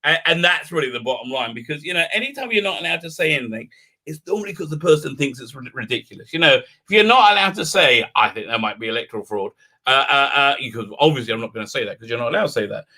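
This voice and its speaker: Hosting a live stream, this man reads viewer comments aloud, fiddles with his mic, and rambles through many fillers and restarts. He speaks quickly in a mid-range voice that is animated, bright and forceful. His desk mic picks him up at an unsteady level.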